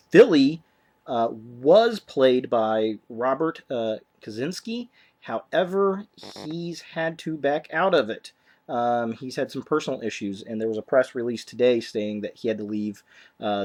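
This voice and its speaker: A man at an everyday middle pitch chats through film casting news for his vlog. He hesitates often, filling gaps with ums and restarting his sentences. The delivery is loose and unscripted. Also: a little mellow. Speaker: vlogger. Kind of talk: casual movie news chat.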